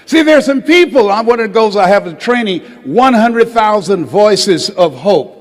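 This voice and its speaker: Older male motivational speaker, high voice, call-and-response with the crowd, long reverb of a large hall. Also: expressive, normal speed. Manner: call-and-response, asks the crowd to raise hands and repeat lines; swings from loud exhortation to low, quiet storytelling. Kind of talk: motivational speech to a live audience. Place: large hall with a live audience.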